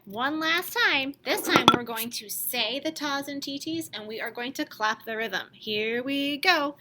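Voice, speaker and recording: A woman teaching a recorded music lesson to young children, explaining slowly and clearly and chanting rhythm syllables for them to copy. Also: high-pitched, very noisy.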